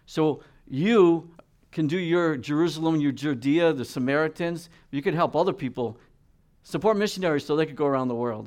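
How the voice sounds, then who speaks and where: A man preaching a sermon, reading scripture and swinging between loud emphatic peaks and quiet, low asides.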